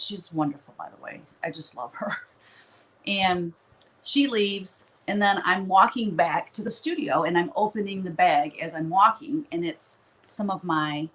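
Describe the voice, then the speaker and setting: A woman's voice: fairly low pitch, a bit bright, poor audio. A woman hosting a live stream from her studio, chatting casually in a rambling way and laughing often.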